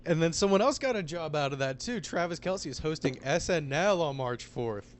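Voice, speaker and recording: A man's voice: on the high side, expressive, normal speed, slight background noise. A young man co-hosting a casual sports podcast, easygoing and agreeable. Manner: easygoing, agreeable, laughs often. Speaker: podcast co-host.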